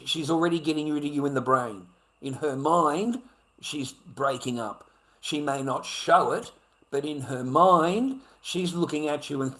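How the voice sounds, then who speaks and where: Australian man, profane repetitive livestream rant, slightly high voice. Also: low-quality recording. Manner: swearing, repetitive, swings from muttering to shouting. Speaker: livestream ranter.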